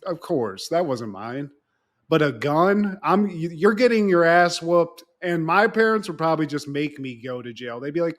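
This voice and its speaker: A man co-hosts a casual podcast and retells a TV episode with lots of energy. His voice sits fairly high for a man, and he swears freely. He keeps dropping into quick impressions of the characters as he talks. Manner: animated, swearing, acts out characters' lines. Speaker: podcast co-host. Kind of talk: casual chat recapping a TV episode.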